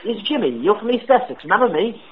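A man's voice: high-pitched, big pitch swings, fast, slight background noise. A British man calling into a prank show, rambling with lots of filler words. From Britain. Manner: rambling, full of fillers and restarts. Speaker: caller. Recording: tinny phone line.

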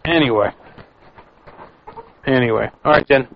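A man's voice: mid-range voice, unhurried, gravelly, dull audio, a little hiss or hum. Laughing male radio co-host. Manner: laughing, joking. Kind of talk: casual chat.

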